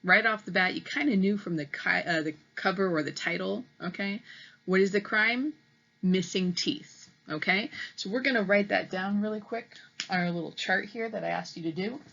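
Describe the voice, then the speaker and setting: In slightly muffled audio, a woman teacher reads a story aloud to kids, explaining patiently and asking "okay?" after each point. Her medium-pitched voice moves at a moderate pace, bright and pushed, with some vocal fry.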